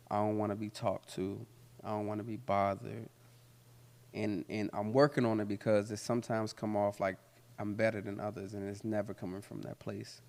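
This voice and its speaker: A man hosting a candid talk, telling personal stories full of swearing and laughter, then turning quiet and reflective. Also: on the low side, vocal fry. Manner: profane, laughs often while telling stories; turns quiet and reflective when serious. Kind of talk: candid storytelling conversation. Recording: long hall reverb.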